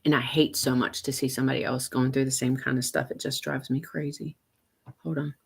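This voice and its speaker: A woman, hosting a casual livestream, chatting and reading viewer comments with frequent laughs and animated teasing. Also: brisk, vocal fry, husky. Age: 50s. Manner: chatty and animated, laughs often, big swings up in pitch when teasing viewers. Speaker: homesteading livestream host.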